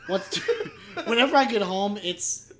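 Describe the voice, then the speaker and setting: A man's voice: high voice, expressive, slow, a bit bright. A man co-hosting a podcast, telling crude stories in a rambling, laughing casual chat. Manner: rambling, laughing, graphic storytelling. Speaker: podcast co-host.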